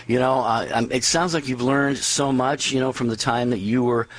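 A man hosts a faith radio talk show with a middle-pitched voice. He reflects on what the caller said. He talks at an unhurried pace and uses plenty of fillers. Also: steady tone, poor audio. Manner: thoughtful, summarizing, with fillers.

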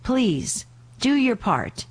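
A woman's voice: on the high side, sing-song, extremely slow, slightly rough. A woman hosting a live call-in radio show, talking in a fervent, urgent, pleading way, still getting over a slight cough.

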